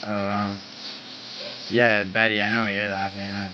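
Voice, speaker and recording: A man's voice: lowish voice, little pitch movement, measured pace, long pauses, muffled recording, background noise. A man hosting a livestream in casual chat with his viewers, brash and profane, trash-talking and bragging. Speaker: livestream host.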